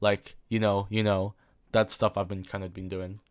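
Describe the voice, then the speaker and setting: Rambling young man with a low voice. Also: level tone, moderate pace, clean tone. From England. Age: late teens. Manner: rambling, repeats words, many fillers. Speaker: podcast host. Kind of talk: solo rambling chat.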